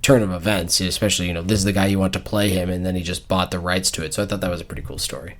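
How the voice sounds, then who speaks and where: A young man with a lowish voice co-hosting a book-club podcast. He talks loosely and conversationally, looping through "like" and restarts as he tells stories. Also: steady tone, very fast, fairly bright tone. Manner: chatty, rambling with many "like"s. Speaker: podcast co-host. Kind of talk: casual book-club chat.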